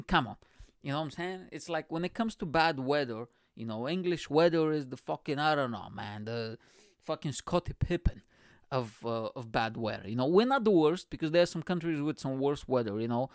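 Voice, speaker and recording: A man's voice: a little high, expressive, normal speed, dry recording, studio quality. A man from Bulgaria hosting a podcast, delivering a rambling, profane comedic monologue with lots of energy. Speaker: podcast host.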